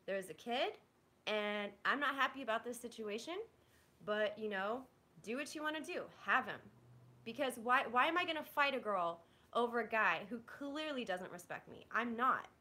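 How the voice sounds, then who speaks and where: A woman's voice: on the high side, lively intonation, moderate pace, bright, forceful tone. A young woman venting bluntly to her viewers, rambling and swearing in frustration. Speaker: vlogger. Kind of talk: candid venting to a live audience.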